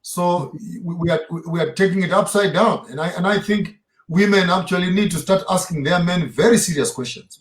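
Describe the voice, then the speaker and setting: A man's voice: high-pitched, moderate pace. A man giving impassioned, preacher-like answers in an interview, heavy on rhetorical questions. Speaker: guest speaker. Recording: roomy echo.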